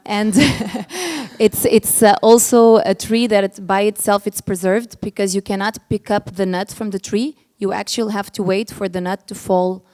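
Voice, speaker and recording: Panel speaker, woman, middle-aged, earnest, mid pitch, frequent restarts. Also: moderate pace, darkish tone. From Portugal. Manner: earnest, restarts often, gets emotional. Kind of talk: panel discussion.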